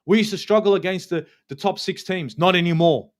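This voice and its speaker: A man with an Australian accent and a voice pitched a little above the usual male range. He hosts a fan match review in a heated, ranting way, cursing freely and hammering points home by saying them twice. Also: a little fast. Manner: ranting, swears a lot, repeats himself for emphasis. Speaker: football channel host.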